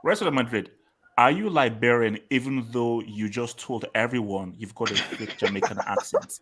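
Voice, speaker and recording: A man's voice: mid-range voice, normal speed, fairly bright tone, slightly rough. A man hosting a casual live football chat, reading out viewer comments, laughing and repeating himself. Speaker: host.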